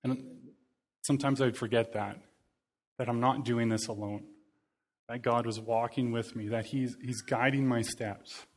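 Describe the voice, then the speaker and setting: A man's voice: mid-range voice, steady tone, normal speed. Man preaching a casual, earnest sermon. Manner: earnest, conversational, with repeated phrases.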